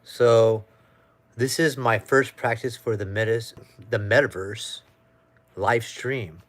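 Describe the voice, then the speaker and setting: A man's voice: medium pitch, fairly even intonation, slow pace. A young American man chatting casually on a live stream at home, reading out viewer comments in a loose, chatty way. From United States. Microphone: webcam or phone.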